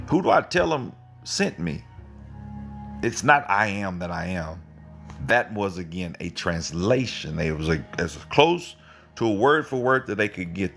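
A middle-aged man with a very low voice and a gravelly rasp, talking through scripture in a loose, rambling way. He repeats himself and his voice leaps up for emphasis. Soft music plays faintly behind him. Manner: rambling and repetitive, with emphatic pitch jumps. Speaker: online channel host. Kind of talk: informal live Bible teaching.

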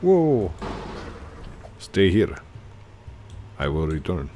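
A man voicing a gruff Russian comrade in a put-on Russian accent, speaking mock-serious, clipped broken English in a game video. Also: deep voice, wildly swooping pitch, drawn-out words, warm tone, slight background noise, full character voice.

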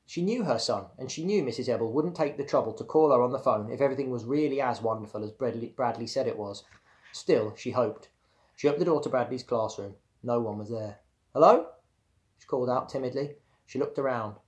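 A man's voice: medium pitch, darkish tone. Man reading a storybook aloud. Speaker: primary school teacher reading aloud.

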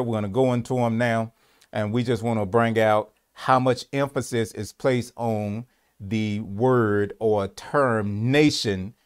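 Guy teaching like a preacher, mid-pitched voice, keeps asking "what?" and answering it, gets louder on the quotes. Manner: call-and-response questions, repeats key words; emphatic, rises in pitch on scripture quotes. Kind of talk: sermon-style teaching.

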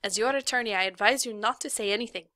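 A woman voicing a short, fiercely protective female lawyer with a Mexican accent, speaking loudly and indignantly. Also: mid-range voice, quick pace, no echo, studio quality, natural voice. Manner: loud, indignant, sharp.

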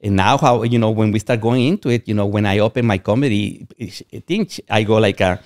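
A man's voice: lowish voice, brisk, darkish tone, smooth, no room sound, clean studio sound. A man from Guatemala, a podcast guest telling personal stories in a rambling way and often saying "you know what I mean". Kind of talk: candid personal storytelling.

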